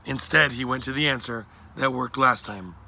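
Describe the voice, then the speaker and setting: A man reading a children's adventure story aloud in a plain, steady narration. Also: mid-range voice, moderate pace. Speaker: audiobook reader.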